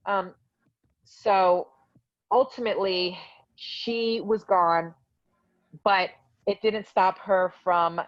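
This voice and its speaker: A woman's voice: medium pitch, no room sound, highs cut off. A woman telling her own story in a casual interview, heated and indignant as she recounts dialogue.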